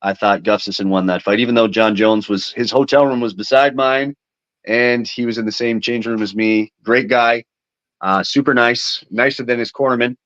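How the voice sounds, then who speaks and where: A man's voice: mid-range voice, steady tone, moderate pace, a bit bright, dry recording. A man in his thirties, a fighter giving a candid, rambling interview full of swearing and fillers. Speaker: MMA fighter, interview guest. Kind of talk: casual interview talk. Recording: dry, dull lo-fi sound.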